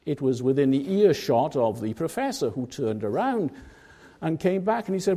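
A man preaching a sermon, telling a story in a measured way and stressing key words with emphasis. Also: a little high, sing-song, dark tone.

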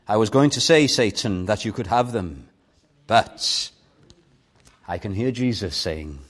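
A man preaching a sermon as pastor, acting out a story with big swings from loud, impassioned calls to quiet, intimate pleas. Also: normal speed. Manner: dramatic, swings from booming to hushed.

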